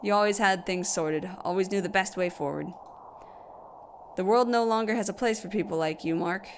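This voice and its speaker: A woman's voice: medium pitch, moderate pace, slight background noise, lightly acted. A woman voicing a grieving young mother who talks bitterly and tearfully to a grave, swearing as she goes. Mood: bitter grief.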